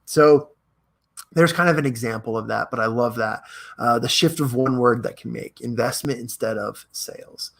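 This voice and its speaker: Energetic man giving a motivational talk. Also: medium pitch. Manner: energetic, chatty, reads viewer comments aloud, laughs easily. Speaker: host. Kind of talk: live-stream motivational talk.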